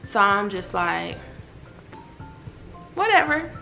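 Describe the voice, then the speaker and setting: A woman, telling a story to her viewers at home in a lively, chatty way. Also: mid-range voice, moderate pace, soft background music. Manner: animated, chatty, talks straight to viewers. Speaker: vlogger. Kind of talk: casual storytelling to camera. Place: at home indoors.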